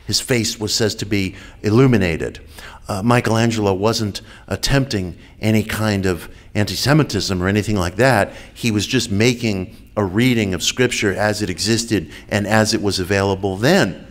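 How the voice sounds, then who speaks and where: A man giving a measured public lecture over a video call, slowing down and repeating key phrases for emphasis. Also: fairly low pitch. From United States.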